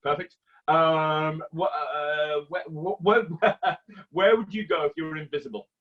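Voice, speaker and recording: A man hosting a casual interview, asking quick questions with lots of hesitation and laughs. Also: on the high side, steady tone, muffled recording. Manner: hesitant, laughs often, friendly. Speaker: interviewer host.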